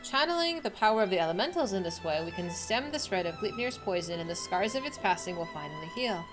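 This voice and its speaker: A woman reading a solemn woman elder's quest dialogue aloud in a measured, formal way. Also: medium pitch, expressive, music in the background, natural voice.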